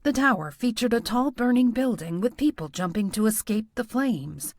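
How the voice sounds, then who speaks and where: A woman's voice: a little high, animated, normal speed, no room sound. A woman narrating a first-person audiobook in a wry, self-deprecating storytelling manner, close to a studio mic.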